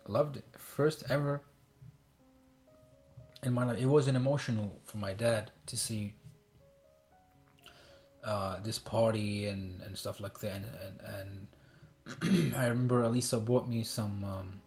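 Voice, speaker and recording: A man's voice: fairly low pitch, steady tone, darkish tone, soft background music. Male guest from Iraq, casual storyteller who stumbles and restarts, acts out quoted voices. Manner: halting, many restarts and fillers.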